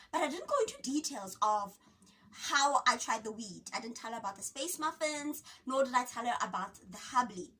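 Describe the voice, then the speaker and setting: Bright, high-voiced South African woman. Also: slight background noise. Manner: dramatic, expressive, acts out quotes with sudden pitch jumps. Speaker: YouTuber. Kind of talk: animated storytime vlog. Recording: voice a bit distant from the mic.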